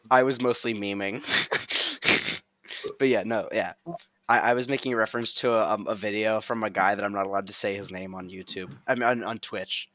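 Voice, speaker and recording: A man's voice: lowish voice, expressive, moderate pace, long pauses, bright, forceful tone, dry recording. A young man hosting a casual livestream chat, giggly and rambling with lots of ums. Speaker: streamer host.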